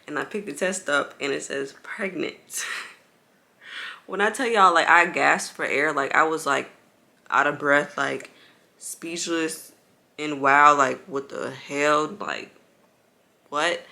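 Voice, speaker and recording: A woman's voice: deep voice, measured pace, bright, forceful tone. A young woman telling her story to viewers in a chatty, casual way, full of "like" fillers and calling them y'all, while bouncing on an exercise ball at home with a baby. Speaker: vlogger.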